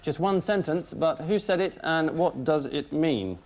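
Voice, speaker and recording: A man hosting a TV panel quiz, delivering prepared jokes in a dry, deadpan way in a studio. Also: on the high side, a little slow, hardly any pauses. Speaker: quiz show host. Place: TV studio with live audience. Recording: broadcast TV audio.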